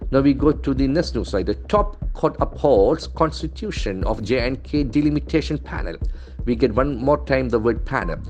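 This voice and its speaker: A man's voice: mid-range voice, lively intonation, a little mellow, faint music behind. Man drilling English pronunciation. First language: not English. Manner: repeats words slowly, stresses syllables; stock phrases "okay, see", "very interesting". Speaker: English trainer.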